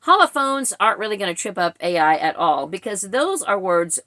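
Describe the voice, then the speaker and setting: Woman, 40s, book reviewer; casual explanatory vlog talk with fillers; medium pitch, dry room. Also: sing-song, a little fast, bright, forceful tone, no room sound. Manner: chatty, explanatory, with frequent fillers.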